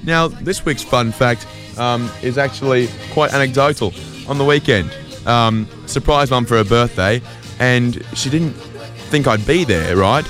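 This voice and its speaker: A man's voice: medium pitch, unhurried, fairly bright tone, faint music behind. An Australian man hosting a community radio show, rambling through a self-deprecating comic monologue with lots of fillers and restarts. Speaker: radio host.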